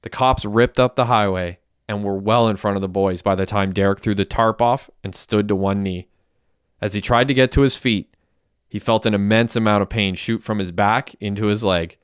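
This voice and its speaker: A man reads a crime audiobook in a steady, plain storytelling manner. His voice sits low, smooth and resonant, and the recording is dry and close, with no room around it. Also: moderate pace, no room sound. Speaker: narrator. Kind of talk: audiobook narration.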